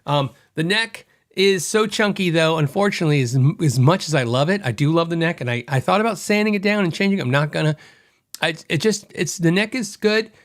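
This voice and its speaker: A middle-aged man with a fairly high-pitched voice hosts a podcast, telling a story in a loose, conversational way. He acts out the quoted lines of other people as he goes, keeping it animated and chatty. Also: fairly quick. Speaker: podcast host. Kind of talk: casual storytelling monologue.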